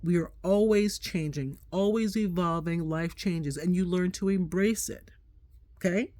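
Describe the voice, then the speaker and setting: A middle-aged woman vlogging, telling a story in a chatty, animated way and acting out what people said. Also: on the low side, unhurried, no room sound. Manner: animated, chatty, acts out quotes. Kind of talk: casual storytelling to camera.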